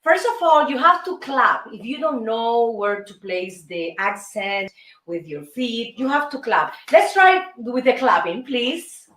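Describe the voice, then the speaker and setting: A woman's voice: a little high, very animated, unhurried, fairly bright tone. A woman with a Cuban Spanish accent, a native Spanish speaker, hosting an upbeat dance lesson and coaxing viewers as she counts the beats aloud. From Cuba. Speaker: host and dance teacher. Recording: echoey room, mic far off.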